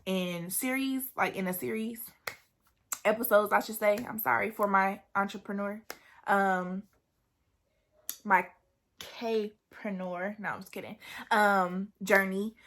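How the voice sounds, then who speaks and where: A woman's voice: mid-range voice, steady tone, unhurried, long pauses, fairly bright tone, slight background noise. Woman, young adult, casual vlog chat, talky. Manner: chatty, asides to viewers, scolds her dog. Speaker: vlogger and new business owner.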